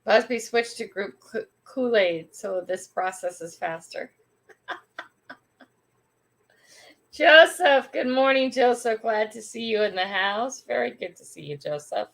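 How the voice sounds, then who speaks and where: An older woman hosts a casual morning livestream from her home. She chats and greets each viewer by name, with a lively, swooping pitch and frequent laughs. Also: a little slow, creaky. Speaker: livestream host.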